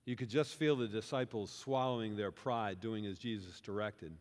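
A man with a lowish voice preaches at normal speed to his congregation in a church sanctuary, the recording reverberant like a hall. He is a pastor animatedly retelling scripture with "we" phrasing, as if they were there, and asking them questions.

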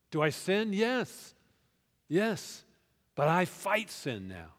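A man preaching a sermon as pastor, moving between quiet confiding asides and loud rousing call-and-response with the congregation. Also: sits high, huge pitch swings, slow, pauses often. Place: church hall. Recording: long reverb of a large hall.

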